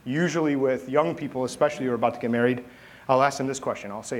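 A man's voice: mid-range voice, fast. A male pastor giving a sermon, telling stories in a conversational way. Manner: conversational storytelling.

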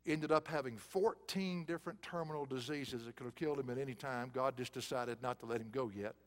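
A man preaching a sermon in an auditorium, swinging from hushed, soft passages to loud, emphatic bursts. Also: mid-range voice, a little fast, long reverb tail.

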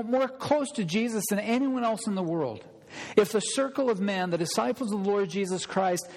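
A man preaching a sermon in a lively, conversational way, asking the audience questions and explaining scripture. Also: high-pitched, gravelly, big-room sound. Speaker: pastor.

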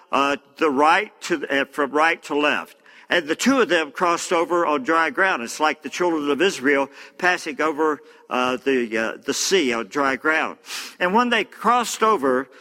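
A man's voice: fairly high pitch, pushed and bright. A man preaching a sermon, reading scripture aloud with frequent fillers and casual asides. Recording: long hall reverb.

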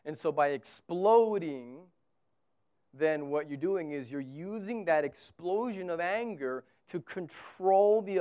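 Preaching as a pastor, this man from Texas keeps his sermon conversational. His delivery shifts from loud, forceful outbursts to hushed, low passages.

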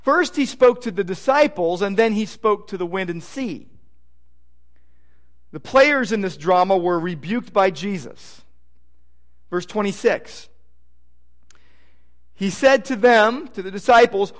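A man preaching a sermon as pastor, emphatic, repeating phrases and swinging from loud declarations to hushed asides. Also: high voice, animated, a little slow, long pauses.

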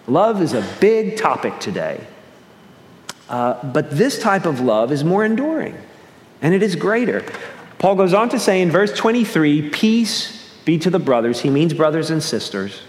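A man from the American Northeast, speaking in a slightly high, sing-song voice at normal speed, preaches as pastor in a church sanctuary. His delivery is earnest, full of restarts and shifts in pace. Long reverb fills the echoey hall.

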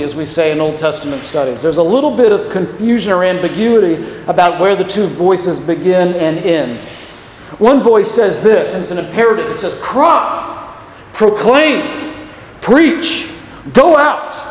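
Male preacher, high voice, animated delivery, roomy echo. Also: slight background noise. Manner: animated, acts out the voices of the passage. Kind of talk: sermon. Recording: echoey hall with long reverb.

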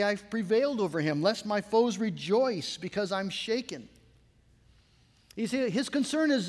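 High-voiced man preaching in a reverberant hall. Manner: earnest, measured preaching with dramatic readings of scripture. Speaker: pastor. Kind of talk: sermon.

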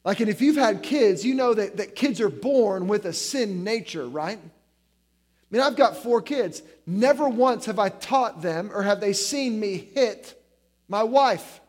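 A man in his forties preaching a sermon in a loose, conversational way, dropping filler words as he spins stories. His voice sits fairly high for a man. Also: measured pace. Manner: conversational, many "like" fillers, animated storytelling. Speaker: guest preacher.

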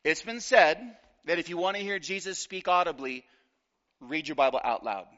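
A man preaching a sermon, emphatic, with deliberate pauses and repeated phrases. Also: a little high, animated, a bit bright, muffled recording. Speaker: pastor.

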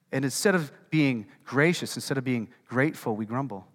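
A man's voice: a little high, quick pace, few pauses, fairly bright tone, big-room sound. A male pastor preaching a sermon in a conversational way, putting questions to the congregation and repeating words. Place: church hall.

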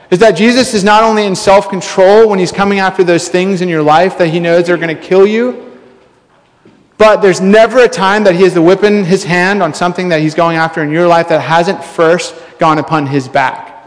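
Male pastor, high-pitched, casual storytelling sermon delivery, heavy hall reverb. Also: normal speed. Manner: casual, storytelling, many fillers. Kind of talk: conversational sermon.

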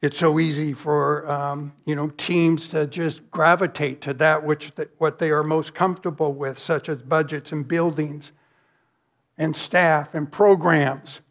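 A man's voice: on the high side, steady tone, measured pace, vocal fry, muffled recording. A man preaching a sermon as pastor, earnest and emphatic, with rhetorical questions and lists.

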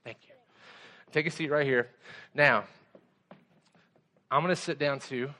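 A man's voice: mid-range voice, a little slow, pushed and bright, a little hiss or hum. A middle-aged pastor giving a conversational sermon to children and adults, asking the kids simple questions as he goes.

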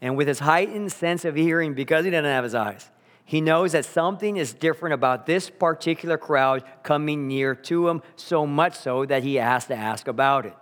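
A man preaching a sermon, earnest and emphatic, slowing down to repeat key phrases, in a church sanctuary. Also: fairly high pitch, a bit bright. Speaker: pastor. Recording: long hall reverb.

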